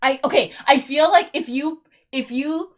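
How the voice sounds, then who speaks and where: A woman hosts a let's play with casual, animated commentary. She talks in a chatty way with lots of fillers. Her voice sits somewhat high. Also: a little slow.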